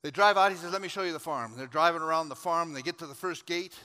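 A man preaching a sermon. He tells a folksy story and builds up to shouted exhortations. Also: fairly high pitch, fast talker. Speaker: pastor. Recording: long hall reverb.

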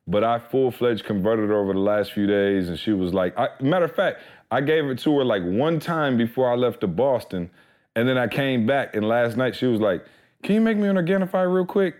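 A man's voice: medium pitch, moderate pace, a little mellow. A young man co-hosting a podcast, chatting casually in a laid-back, slangy way. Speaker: podcast co-host. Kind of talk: casual podcast chat with ad read.

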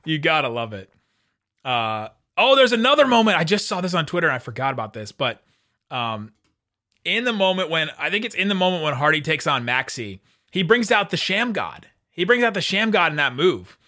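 A man hosting a casual sports podcast, chatty and quick to laugh, often restarting his sentences. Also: on the high side, sing-song, pushed and bright. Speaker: podcast host.

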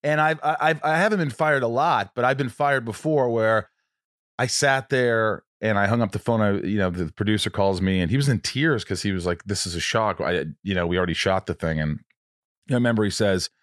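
A male actor hosting a candid conversation, an animated storyteller who acts out what people said. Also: on the low side, fairly quick, dry recording, clean studio sound. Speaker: actor host.

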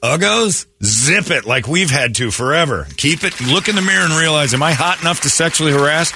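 A man's voice: fairly high pitch, expressive, fairly quick, pushed and bright, slight background noise. A man hosting a morning radio show, brash and mocking, full of crude comic banter. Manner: brash, mocking, slips into silly put-on voices. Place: radio studio.

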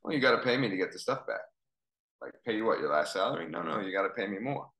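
A man's voice: lowish voice, fast talker, roomy sound, poor audio. A man, a football coach, telling a story in casual conversation and acting out the dialogue. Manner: animated storyteller, acts out dialogue.

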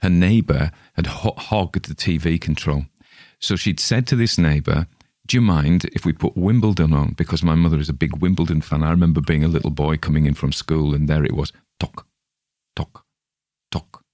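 A middle-aged man with an extremely low, deep voice talks through his week in a loose, rambling monologue. He is chatty and self-deprecating and often restarts his sentences. The sound is dry and close, with no room echo. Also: darkish tone. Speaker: podcast host.

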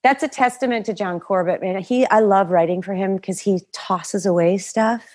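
A woman's voice: mid-range voice, normal speed, no echo. A middle-aged woman, a writer and actor, telling stories from making her films in a casual podcast chat, acting out quotes. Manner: animated storyteller, acts out quotes.

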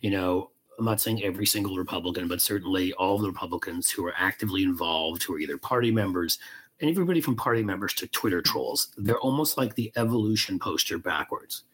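A man co-hosting a podcast, speaking in a measured, reflective way and hedging his claims. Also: low voice, fairly bright tone, husky. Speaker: podcast co-host. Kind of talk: casual political chat.

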